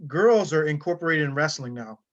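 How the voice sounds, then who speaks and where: A male high school wrestling coach, a podcast guest, telling stories in a loose, rambling way full of fillers and restarts. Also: expressive, a little fast. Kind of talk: casual conversational storytelling. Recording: dull lo-fi sound.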